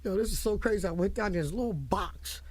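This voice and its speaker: A woman's voice: medium pitch, fast talker. A middle-aged woman telling stories in a casual interview, blunt and profane, laughing often and acting out what people said. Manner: lively, laughing, blunt and profane, acts out quotes. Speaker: interview guest, music manager. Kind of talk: animated storytelling in a casual interview.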